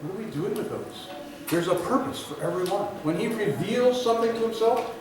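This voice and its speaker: A man preaching a sermon as the pastor, telling stories and building to loud emphatic peaks before dropping to quiet, drawn-out phrases. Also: high-pitched, animated, crowd noise. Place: church sanctuary. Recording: echoey hall, recorded from far off, audible room noise.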